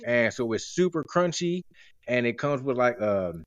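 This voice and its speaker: A podcast host in his forties tells rambling stories in a loose, joking manner. His medium-pitched voice swings widely in pitch while he keeps a measured pace. The recording is dry and dull, with a lo-fi quality and no room sound.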